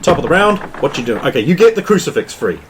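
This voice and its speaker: A man's voice: fairly high pitch, very animated, quick pace, noisy background. A man running a tabletop game as game master, narrating loosely with many fillers.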